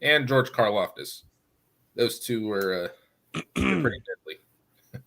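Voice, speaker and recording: A man talking as a podcast guest, opinionated and animated about the team's play. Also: fairly low pitch, slow, creaky. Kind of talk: casual sports talk.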